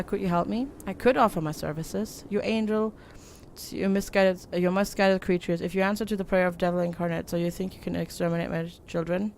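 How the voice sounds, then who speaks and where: A woman's voice: on the low side, slight background noise. A young woman hosting a game playthrough, reading the characters' lines in her own voice with fillers and casual asides. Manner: reads flatly with fillers and asides, laughs at herself. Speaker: let's play host. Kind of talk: reading game dialogue aloud and commenting.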